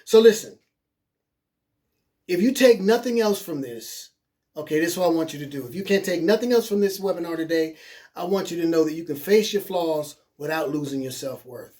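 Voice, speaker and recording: Casual, repetitive male coach, fairly high voice. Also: animated, a little fast, darkish tone. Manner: repetitive, keeps checking in with "okay?"; casual, encouraging, plain-spoken. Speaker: life coach. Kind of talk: coaching webinar.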